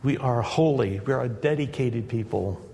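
Earnest preacher in a reverberant church. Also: male voice, medium pitch, moderate pace, creaky, mellow. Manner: earnest, building to emphatic peaks. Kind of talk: sermon.

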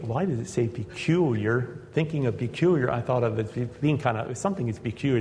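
In a church, a male preacher delivers his sermon earnestly and directly, swelling to emphatic high points as he presses his message. His creaky, slightly mellow voice sits at a typical male pitch, with long reverb from the sanctuary lingering after each phrase.

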